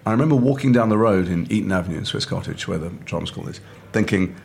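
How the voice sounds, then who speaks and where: A middle-aged man from Liverpool, a guest actor telling animated stories over a meal and acting out quoted voices. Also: low-pitched, fast, creaky, few pauses, a little hiss or hum. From north of England, Liverpool. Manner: animated storyteller who acts out quoted voices. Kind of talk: casual chat over a meal. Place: restaurant table.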